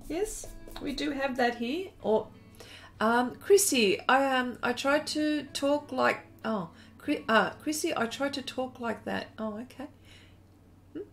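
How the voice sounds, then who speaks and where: Over faint music, a high-pitched Australian woman slowly talks through a live painting demonstration with lively intonation. As an art instructor on the stream, she giggles, reads chat comments out loud and welcomes viewers by name.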